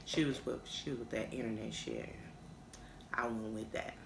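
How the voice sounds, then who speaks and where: A young woman telling a personal story to her vlog viewers, animated and swearing freely, acting out the people she quotes. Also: rumbling low, normal speed, creaky, echoey room, very noisy. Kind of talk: casual storytime.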